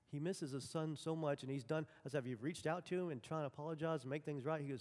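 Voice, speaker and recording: A man's voice: a little high, fast, few pauses, darkish tone. A man preaching a sermon, telling folksy personal stories and acting out the dialogue. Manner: folksy storytelling, acts out dialogue. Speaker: pastor. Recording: long hall reverb.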